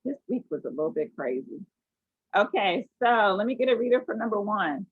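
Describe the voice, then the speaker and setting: A woman's voice: mid-range voice, sing-song, fairly quick, slightly rough, no room sound. An American woman teaching an online class, asking her students questions and telling stories with animation. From United States. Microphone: video call. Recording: tinny phone-like video call audio.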